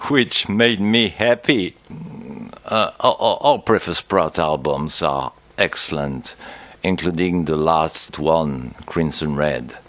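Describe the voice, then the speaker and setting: A man's voice: low-pitched, a bit bright, no room sound. A French man speaking English with a French accent, enthusiastically listing his musical favourites and sometimes searching for words. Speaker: musician guest. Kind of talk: recorded interview segment.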